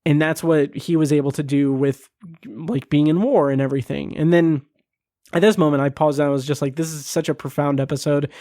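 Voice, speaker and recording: A man's voice: a little high, steady tone, a little fast, dark tone, no echo, clean studio sound. A man hosting a podcast review, talking in a casual, gushing way, teary-eyed and holding back tears. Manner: emotional, gushing, many fillers. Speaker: podcast host reviewing an episode.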